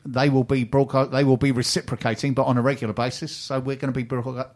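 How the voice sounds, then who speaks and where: A man's voice: mid-range voice, little pitch movement, quick pace, darkish tone. A man co-hosting a local radio show, chatting casually and reading out what's coming up, full of ums and restarts. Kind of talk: casual radio chat and station announcements. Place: radio studio.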